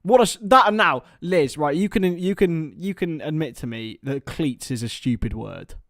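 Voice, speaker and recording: A young British man hosting a live football watchalong, mixing excitable play-by-play with rambling banter. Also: fairly high pitch, measured pace, no echo, studio quality. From Britain. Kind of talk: casual live match commentary and chat.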